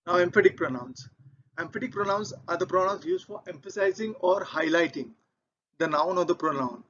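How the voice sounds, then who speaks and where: A man teaching grammar in a patient, methodical way, working through example sentences one by one and often repeating his point. His voice sits fairly high. The recording sounds muffled and lo-fi. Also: a little fast, fairly bright tone, slight background noise. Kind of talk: explaining grammar over slides. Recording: dull lo-fi recording.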